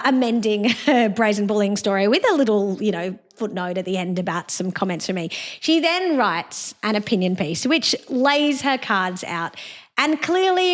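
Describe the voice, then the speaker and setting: A woman hosting a podcast, giving an indignant, scornful solo commentary with derisive laughs. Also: a little high. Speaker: podcast host.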